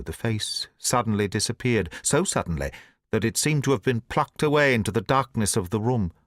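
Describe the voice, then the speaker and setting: A man narrating an audiobook in the first person, with measured, deliberate storytelling. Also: medium pitch, dry recording, studio quality.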